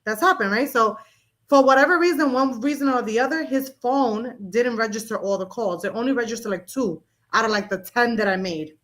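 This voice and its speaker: A woman co-hosting a podcast, telling personal stories in a blunt, animated way with casual swearing. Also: a little high, a little fast. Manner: blunt, profane, animated storyteller. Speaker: podcast co-host. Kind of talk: candid casual chat.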